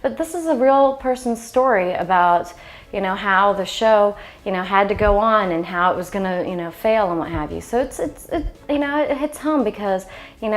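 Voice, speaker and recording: A middle-aged woman tells a story in a lively way. She acts out what others said, and her voice sits at a middle pitch. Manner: animated storytelling, quotes others. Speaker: actress. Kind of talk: interview.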